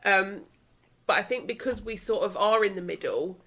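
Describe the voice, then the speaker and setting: Midlands-accented woman, bright voice. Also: mid-range voice, moderate pace. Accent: English Midlands. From Birmingham, England. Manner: relaxed, brief agreeing replies. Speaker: podcast co-host. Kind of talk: casual chat.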